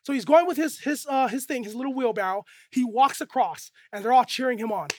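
A preacher delivers a lively, conversational sermon to a young audience at a fairly quick pace in a dry recording. The preacher frequently checks in with listeners and drops softer and lower to stress key points.

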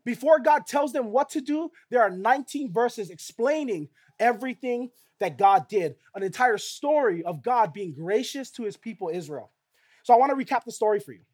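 High-voiced man preaching a casual sermon. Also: animated, moderate pace, darkish tone. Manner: conversational, asks the audience rhetorical questions. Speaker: pastor.

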